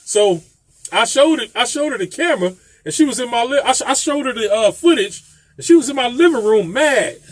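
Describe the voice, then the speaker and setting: Man, high voice, laughs a lot, swears freely, dry close sound. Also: animated, fairly quick, no room sound. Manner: profane, laughs often through the story. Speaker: vlogger telling a landlord story. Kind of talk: casual storytelling.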